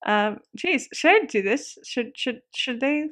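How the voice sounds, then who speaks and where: A woman giving casual let's-play game commentary, chatty and excitable, quick to laugh. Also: high voice.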